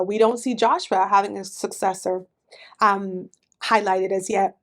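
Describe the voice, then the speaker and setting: A woman Bible teacher reading scripture aloud and explaining it earnestly. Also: a little high.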